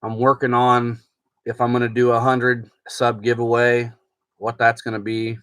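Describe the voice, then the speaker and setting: A man's voice: medium pitch, completely flat delivery, normal speed, fairly bright tone, clear, resonant tone. A man chatting casually on a live stream about his baseball card collection, answering viewers' comments as he goes. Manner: rambling, chatty, reads viewer comments aloud.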